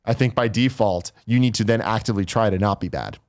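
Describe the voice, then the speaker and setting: A man's voice: on the low side, fast. A man co-hosting a podcast in casual chat, telling stories and acting out what people said. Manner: storytelling, acts out quoted voices. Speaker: podcast co-host.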